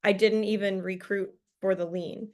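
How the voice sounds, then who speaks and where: A woman's voice: mid-range voice, fairly even intonation, normal speed, a little mellow. A woman leading a business training over a video call, giving a casual, upbeat motivational talk full of fillers and laughs. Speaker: team leader presenting a business training call.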